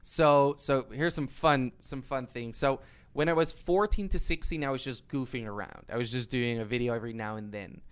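Young man, 20s, interview guest. Clear, resonant voice, mid pitch; eager, rambling storyteller. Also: normal speed, few pauses. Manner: eager, storytelling, with many fillers and restarts. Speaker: guest YouTuber. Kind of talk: casual interview chat.

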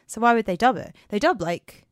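A woman's voice: a little high, expressive, a little fast, dry recording, studio quality. Chatty woman, podcast co-host. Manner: chatty, rambling, laughs at herself. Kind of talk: casual chat.

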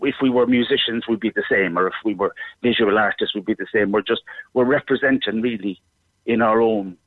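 A man's voice: on the low side, brisk, no echo. Irish man on a tinny phone line. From Ireland. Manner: effusive, warm-hearted, rambling with restarts. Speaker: theatre performer guest. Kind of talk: casual interview chat.

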